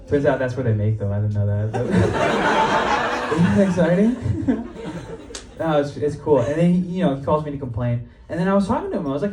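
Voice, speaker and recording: A man's voice: a little high, animated, moderate pace. Casual, profane young male stand-up comic. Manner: casual, profane, laughs at his own jokes. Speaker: stand-up comedian. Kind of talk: stand-up comedy set. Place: comedy club stage before a live audience. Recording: roomy live club sound, mic at a distance, crowd. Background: audience laughter and cheers.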